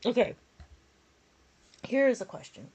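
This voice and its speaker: A woman's voice: a little high, sing-song, a little slow, a little mellow, slightly rough, dull audio. A tired woman with a school-age child, teaching an abacus math lesson on a live stream, chatty and laughing often as she counts steps aloud. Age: adult with a school-age child. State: tired, yawning.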